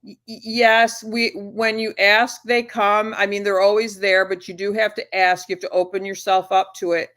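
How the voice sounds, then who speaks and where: A woman speaking as a guest in a casual talk-show conversation. She talks gently and haltingly, and she calls herself a shy person. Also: mid-range voice, flat delivery.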